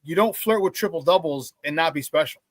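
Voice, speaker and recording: A man hosting a sports talk show, talking excitedly and casually with many restarts and repeated phrases. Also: on the high side, brisk, no room sound. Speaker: sports radio host.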